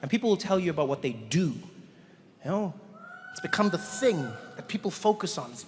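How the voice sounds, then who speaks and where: A man doing stand-up storytelling in a large live venue, animated and acting out voices. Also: high voice, a little fast. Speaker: stand-up comedian. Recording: echoey hall with crowd noise. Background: audience laughter.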